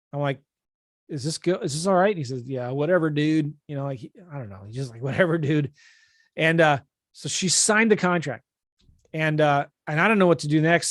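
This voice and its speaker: A middle-aged man with a fairly high voice tells a casual, self-deprecating story. He rambles, stops and restarts often, and fills gaps with ums and uhs. The sound is close and dry, with no room around it. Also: fairly bright tone, no echo. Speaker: real estate investing coach.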